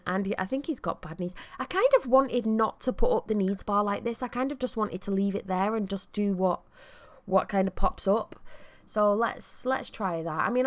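A woman with a Mancunian accent giving chatty, rambling gameplay commentary with self-deprecating asides. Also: mid-range voice. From Manchester, England. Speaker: let's play commentator.

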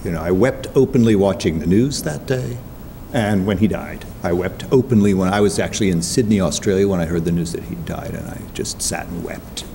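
A man's voice: sits low, fairly quick, vocal fry, dark tone, in a large hall, slight background noise. A man conductor remembering, emotional and searching in a reflective interview.

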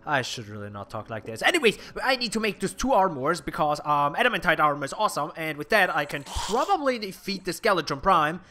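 Young guy talking over his game, high bright voice, swears a lot, keeps restarting sentences, quiet music under it. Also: big pitch swings, fairly quick, hardly any pauses. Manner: rambling, swears freely, many restarts and fillers. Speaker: gameplay commentator. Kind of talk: casual game commentary.

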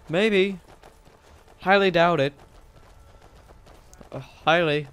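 Young male gamer: excitable, jokey, animated, a bit high-voiced. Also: a little slow. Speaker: gamer, video host. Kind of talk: casual let's-play commentary.

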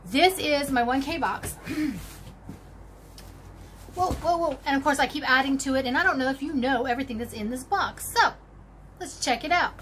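Bubbly high-voiced woman showing off yarn. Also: normal speed, long pauses, fairly bright tone, slight background noise. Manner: chatty, bubbly, talks to viewers while rummaging. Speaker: crochet channel host. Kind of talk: casual show-and-tell vlog.

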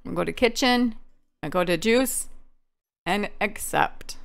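A woman's voice: medium pitch, animated, takes it slowly, gravelly, long pauses, clear, resonant tone. A woman hosting a game playthrough, chatting through each step as she plays. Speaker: gaming channel host. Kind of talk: let's play commentary.

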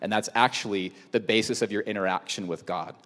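A man's voice: fairly low pitch, fairly quick, fairly bright tone. A male pastor preaching a sermon in a conversational way, with rhetorical questions and joking asides. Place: church auditorium. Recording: long church hall reverb.

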